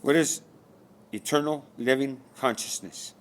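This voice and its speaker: Speaking a little slowly in a mid-range voice, a man gives a meandering spiritual talk. He's profane and rhetorical, tossing out questions and asking them again.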